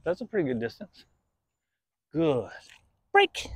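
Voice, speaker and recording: A man training his dog, praising it in high sing-song bursts and then dropping to quiet explanatory asides. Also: lively intonation, measured pace, dry recording.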